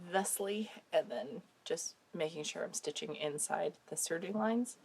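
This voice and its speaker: A woman's voice: deep voice, gravelly, slight background noise. A woman with a cold and a sore throat, chatting casually through a home sewing project, with dry jokes and casual swearing. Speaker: sewing vlogger. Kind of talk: casual craft vlog chat.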